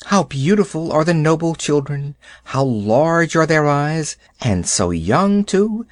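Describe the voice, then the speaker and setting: A man voicing a sly, fawning male jackal who wheedles and flatters spitefully, in a storybook reading. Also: fairly high pitch, slow, no room sound, studio quality, pitched above the performer's own voice. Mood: flattering. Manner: wheedling, sing-song, mischievous.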